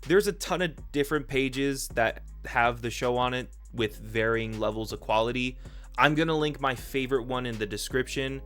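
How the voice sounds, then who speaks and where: A man's voice: medium pitch, normal speed, a bit bright, faint music behind. A man narrating a casual review video, rambling and correcting himself with offhand asides.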